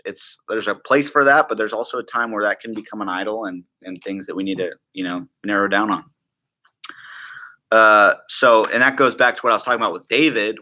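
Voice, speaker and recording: A man leads a prayer-school class in an easygoing, conversational way. His voice sits a little low, and he jokes with the room and keeps asking if they follow. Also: bright, forceful tone. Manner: chatty, joking, full of "like" and "right?". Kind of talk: casual classroom teaching.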